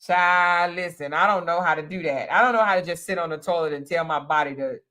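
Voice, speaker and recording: Woman doing a live stream, reads comments out loud, teases folks, laughs a lot. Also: on the low side, brisk. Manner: animated, laughing, teasing, talks straight to viewers. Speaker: livestream host reading viewer comments. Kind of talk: casual live-stream chat.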